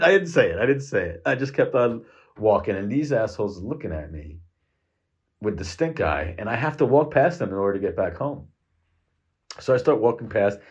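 A husky, low-voiced middle-aged man from the United States tells a rambling story, swearing freely and leaning on fillers. The recording sounds dull and lo-fi. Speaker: vlogger. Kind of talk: casual storytelling monologue.

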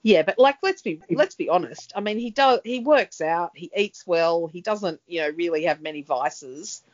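A woman's voice: on the low side, expressive, moderate pace, a little mellow. A middle-aged woman, co-hosting a casual chat and rambling with many fillers. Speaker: podcast co-host. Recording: dull lo-fi sound.

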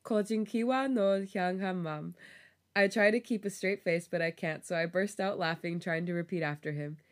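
Woman, podcast co-host, fairly low voice, reads fan fiction aloud, laughs easily. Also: steady tone, a little fast. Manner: breaks into laughter while reading.

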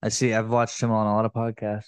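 A man in casual podcast chat who jokes, laughs often and tosses in quick impressions. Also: on the low side, completely flat delivery, a little mellow, clear, resonant tone, no room sound.

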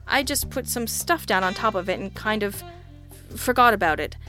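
Woman reading as deadpan male private eye, audiobook, dry quips, offhand delivery, soft music bed. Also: medium pitch, moderate pace. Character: wry, deadpan male detective partner.

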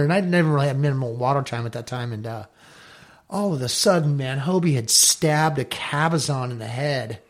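A middle-aged man from Southern California tells stories in a gravelly, rough-edged voice. He is animated and profane and acts out the people in his tales. It sounds like a casual podcast chat. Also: a little high, a little fast. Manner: animated, swears freely, acts out quotes. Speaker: podcast guest, dive company owner. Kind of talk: casual storytelling interview.

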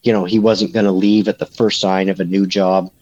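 A man's voice: low-pitched, level tone, brisk, darkish tone, lo-fi sound. A man co-hosting a casual sports podcast, rambling with lots of fillers and restarts. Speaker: podcast co-host, recruiting beat reporter.

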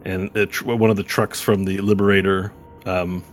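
A man's voice: deep voice, flat delivery, normal speed. A man running a tabletop game as game master, narrating loosely with fillers. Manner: rambling with fillers and laughs.

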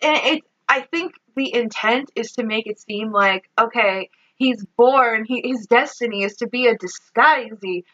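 Woman, podcast co-host, chatty movie recap, bright tone, muffled lo-fi sound. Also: a little high, unhurried, hardly any pauses. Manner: animated, laughing, heavy use of "like". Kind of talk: casual movie recap chat.

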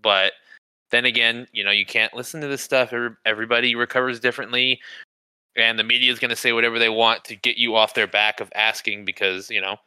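A man co-hosting a casual sports podcast, talking in a profane, animated way and saying "you know" and "bro" a lot. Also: mid-range voice, quick pace, smooth, dry recording, low-quality recording. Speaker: podcast co-host.

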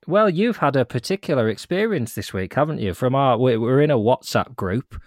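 A man's voice: mid-range voice, lively intonation, moderate pace, dry recording, clean studio sound. A man co-hosting a podcast, casually reading out listener messages with playful, self-mocking asides. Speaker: podcast co-host.

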